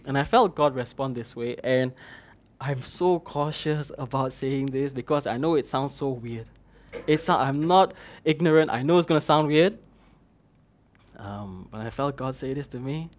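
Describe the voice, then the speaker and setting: A man's voice: medium pitch, expressive, moderate pace. A man with a Malaysian English accent preaching a conversational sermon, acting out his own dialogue with God. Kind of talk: sermon with personal story.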